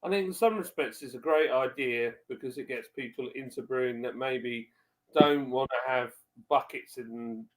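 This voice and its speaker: A man hosting a casual live-stream chat, talking in animated banter. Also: medium pitch, normal speed.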